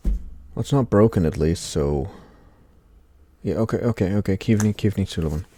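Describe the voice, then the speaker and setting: Deep-voiced Irish man, rambling and swearing. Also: normal speed, mellow, a little hiss or hum. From Ireland. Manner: swears constantly, rambling and wry. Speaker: ASMR channel host. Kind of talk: casual rambling ASMR chat. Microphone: Blue Yeti desk microphone.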